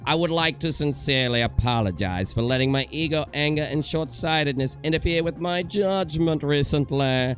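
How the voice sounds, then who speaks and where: A man's voice: on the high side, normal speed, few pauses, a bit bright, soft background music, natural voice. A man voicing a stuffy English man reading out a stiff, formal apology in a prim, mock-solemn way, with a put-on English accent. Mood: mock-contrite.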